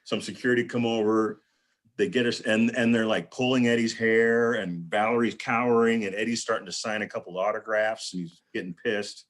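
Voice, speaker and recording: Steady in tone, fairly low in pitch, and moderate in pace, a man recounts a rambling, casual anecdote on a live video panel. He's a guest heard via video call, acting out what people said.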